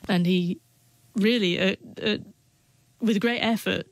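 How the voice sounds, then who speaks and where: A woman speaking as an interview guest, her words catching and repeating as she stutters through a heartfelt personal story. The voice sits at an ordinary middle pitch. It is recorded close and dry, with almost no room sound. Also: steady tone, takes it slowly, dry recording.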